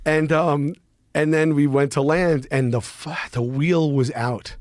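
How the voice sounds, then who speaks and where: A man telling a story in a casual talk, animated and expressive, swearing freely and acting out what others said. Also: fairly high pitch, unhurried, no echo, studio quality. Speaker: podcast guest.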